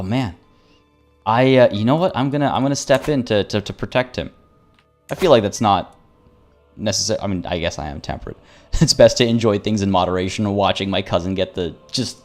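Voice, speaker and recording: A man's voice: on the low side, a little mellow. Playful stammering male game streamer. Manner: playful and chatty, stammers and repeats words; reads game event text aloud and jokes with chat. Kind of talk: live-stream gameplay commentary.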